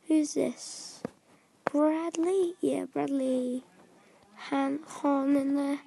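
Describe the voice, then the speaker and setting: A woman giving casual commentary while opening card packs in a video game, often dropping into soft whispers and stumbling over names. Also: sits high, flat delivery, very slow, gravelly, a little hiss or hum. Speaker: gaming video creator.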